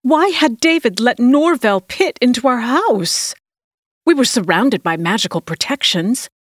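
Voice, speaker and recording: Lively, expressive woman narrating a story. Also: on the high side, measured pace, no echo, clean studio sound. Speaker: audiobook narrator. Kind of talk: first-person scripted narration.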